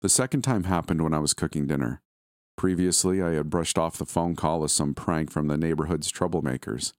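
A man reading a scripted first-person horror story in a steady, measured way. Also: extremely low pitch, no room sound, clean studio sound.

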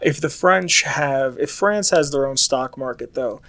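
A man's voice: medium pitch, a little slow, a bit bright, dry recording. A young American man in casual, rambling monologue, talking chattily with lots of filler words. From United States.

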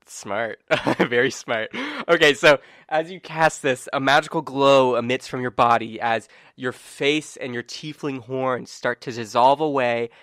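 A man's voice: mid-range voice, measured pace, hardly any pauses, fairly bright tone, dry recording. A young man narrating a tabletop game as game master, often laughing and using fillers.

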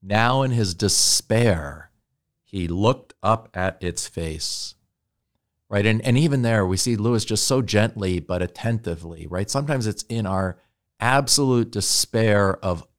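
A man professor giving an earnest lecture on literature and faith, his voice sitting a little low. He reads quoted passages slowly and drives his points home with a questioning "right?".

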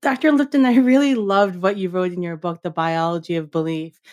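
A woman's voice: fairly low pitch, fairly even intonation, brisk, darkish tone, muffled recording. A woman interviewing a guest, asking an admiring question and searching for her words.

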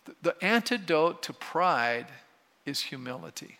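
A male pastor delivers a sermon in a chatty preaching style, keeping his listeners involved by often asking them questions. His voice is fairly high for a man and gravelly, with a forceful, bright edge. A long reverb from the big church sanctuary trails after his words. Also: animated, fairly quick. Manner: conversational preaching, polling the congregation with questions.

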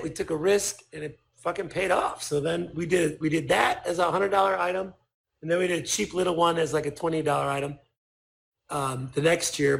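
A man's voice: fairly high pitch, creaky. A male toy designer telling stories as a guest in casual, profane talk, acting out what people said. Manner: profane, animated, acts out quotes. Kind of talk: casual storytelling.

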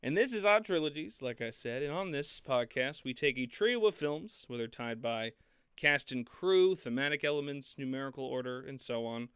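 A man co-hosting a film podcast in casual chat, animated and laughing often as he talks. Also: medium pitch, normal speed, smooth, no echo. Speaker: podcast co-host.

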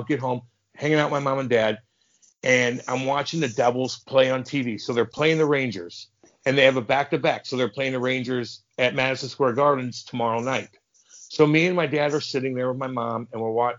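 A man's voice: medium pitch, highs cut off. A man guest telling stories in a casual, profane way, acting out the voices of people in them. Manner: profane, animated, plays out voices in his stories. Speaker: podcast guest, former hockey enforcer. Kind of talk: casual storytelling.

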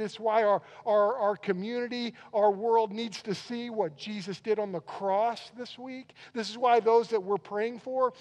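A high-pitched male pastor delivers an animated sermon, voicing the disciples' shocked reactions as he goes. His voice rings out in a church hall with a long, lingering reverb. He talks with frequent quick restarts.

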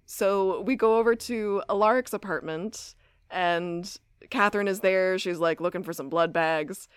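A young woman co-hosting a podcast, chatting casually and acting out scenes in quick bursts as she retells them. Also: mid-range voice, smooth, no echo, clean studio sound. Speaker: podcast co-host. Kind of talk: casual recap chat.

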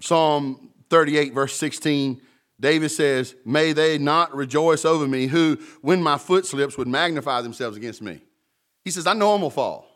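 A man's voice: a little high, unhurried, a bit bright. A man pastor preaching a sermon in a conversational way, with humorous stories and asides between scripture readings.

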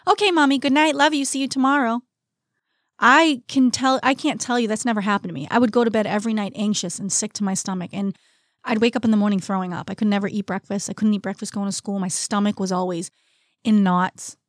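A woman's voice: mid-range voice, steady tone, fast, darkish tone, no echo, studio quality. A woman co-hosting a casual parenting chat, candid and confiding, talking straight to her listeners. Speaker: podcast co-host.

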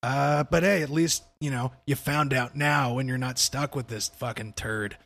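A man's voice: medium pitch, steady tone, normal speed, creaky, fairly bright tone. A young man hosting a casual podcast chat, laid-back and swearing freely, often calling his co-host "dude".

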